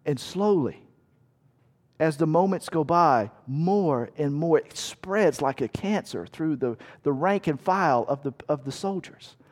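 High-voiced preacher telling a vivid battle story. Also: male voice, expressive, measured pace. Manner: vivid second-person storytelling, shouting quoted commands. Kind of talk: sermon illustration.

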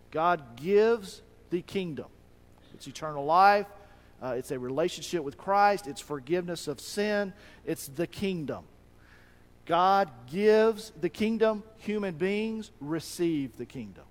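A man preaching a sermon as pastor, animated, acting out quoted voices with a rising pitch. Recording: long reverb of a hall.

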